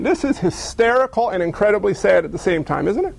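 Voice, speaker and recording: A male pastor with a notably high voice delivers a lively sermon. He tells the story with humor and slips into mocking character voices. The sound is dry and close. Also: brisk, vocal fry, few pauses, no echo.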